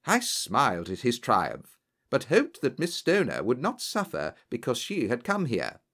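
A male narrator reads a story aloud with lively, expressive delivery. His pitch rises and falls widely as he carries the scenes along. He also acts out the dialogue. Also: measured pace. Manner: expressive, voices characters in dialogue. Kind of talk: audiobook narration.

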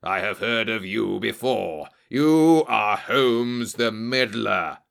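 A man voicing a fierce, threatening old doctor in an audiobook, speaking in a slow, menacing way. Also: on the low side, gravelly, a bit bright, full character voice. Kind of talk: audiobook character voice.

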